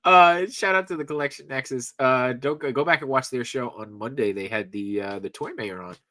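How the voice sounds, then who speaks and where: A man's voice: medium pitch, fairly quick, dry recording. Male podcast host, upbeat and laughing, with a dry close sound. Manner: laughs often, reads out chat comments and gives shout-outs. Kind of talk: casual podcast chat.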